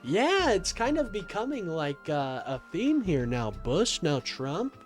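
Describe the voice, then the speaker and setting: Young guy streamer arguing with chat, sarcastic, kinda high voice, little bit of music under it. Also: very animated, takes it slowly. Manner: argumentative and sarcastic, often says "my friend". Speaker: livestream host taking calls and reading chat. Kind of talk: casual political livestream talk.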